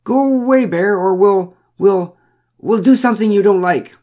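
A man doing a shrill, bossy woman. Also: normal speed, mellow, natural voice. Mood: faltering. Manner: bossy, scolding commands. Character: determined middle-aged woman defending wildlife.

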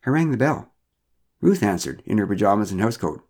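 A man's voice: lowish voice, very animated, brisk, a little mellow. A man telling a first-person story in a dry, understated, wry way.

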